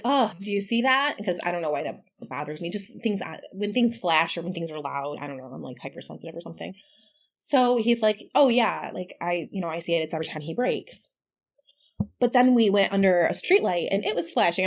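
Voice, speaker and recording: A woman's voice: medium pitch, a little fast. Chatty middle-aged woman telling a story. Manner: chatty, animated when quoting, laughs often. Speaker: podcast co-host. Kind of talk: casual storytelling chat.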